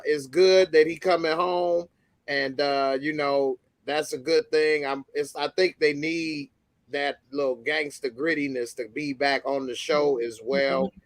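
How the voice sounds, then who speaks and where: A man's voice: fairly high pitch, fairly even intonation, unhurried, no echo. A man hosting a casual TV recap chat, laid-back and slangy, laughing often. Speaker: show host.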